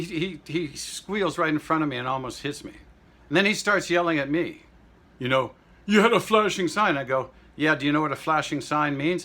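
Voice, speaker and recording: Indignant rambling man with a bright voice. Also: mid-range voice, husky. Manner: greets the audience in French and German. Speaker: vlogger. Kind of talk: casual storytelling monologue.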